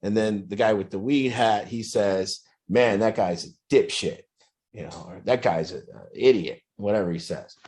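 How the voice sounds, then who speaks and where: Speaking to a group, a man tells a long personal story in a casual, rambling way, full of fillers and restarts. He puts on a higher voice for quoted lines, talking at normal speed with few pauses in a darkish tone.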